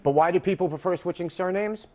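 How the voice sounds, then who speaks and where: A man's voice: high voice, fast, warm tone. A man hosting a late-night talk show panel, with sarcastic, jokey remarks in a TV studio. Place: television studio.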